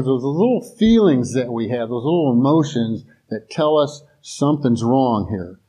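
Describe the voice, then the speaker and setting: Mellow, husky-voiced man preaching casually. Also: mid-range voice, poor audio. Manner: rambling, conversational, many restarts and asides. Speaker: preacher and former police officer. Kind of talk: casual sermon.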